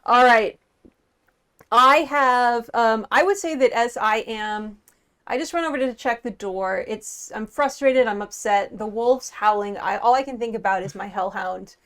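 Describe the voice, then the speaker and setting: A woman playing a tabletop game, talking in a deliberate way and pausing often to think. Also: on the high side, fairly bright tone, clear, resonant tone. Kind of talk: casual tabletop game play.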